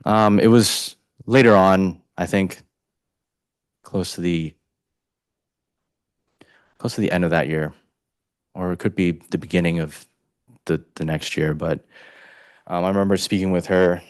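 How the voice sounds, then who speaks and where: A man testifying as a witness in a courtroom, speaking haltingly with many "you know" fillers. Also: sits low, smooth, no echo, clean studio sound.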